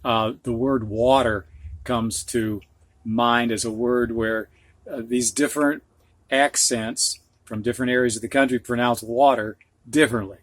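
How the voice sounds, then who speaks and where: A man's voice: mid-range voice, steady tone, measured pace, dry recording. A middle-aged man with a Midwestern accent teaching a phonics lesson, patient and repeating each word twice. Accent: Midwestern US (Ohio, Michigan). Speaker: reading teacher.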